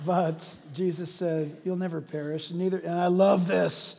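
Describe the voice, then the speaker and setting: A man preaching a sermon as pastor, swinging from shouting to hushed, quiet lines. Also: a little high, moderate pace, gravelly, few pauses. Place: church sanctuary. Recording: long reverb of a large hall.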